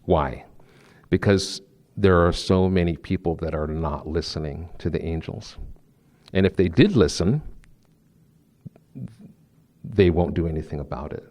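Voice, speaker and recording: A man's voice: low voice, unhurried, pauses often, darkish tone. A man from New Jersey giving a live spiritual talk from a podium, telling personal stories in a conversational way with frequent restarts. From New Jersey, USA. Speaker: spiritual speaker. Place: lecture room with podium.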